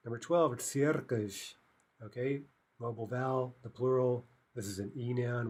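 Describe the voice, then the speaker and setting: A man's voice: medium pitch, normal speed, a little mellow, slightly rough. A man teaching a recorded language lesson, explaining step by step and checking in with "right?" and "okay" as he goes.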